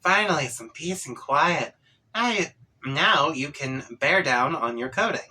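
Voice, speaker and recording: A man's voice: a little high, expressive, a little slow, bright, forceful tone, husky, poor audio. A man reading a webcomic aloud in a casual, wry way with offhand asides. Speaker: webcomic reader.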